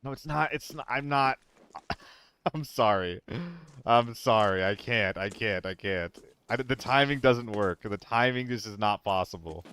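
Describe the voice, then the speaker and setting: A young man chatting casually with his viewers while streaming a game, playful and quick to laugh. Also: lowish voice, fairly bright tone, a little hiss or hum. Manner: playful, apologetic, laughs often.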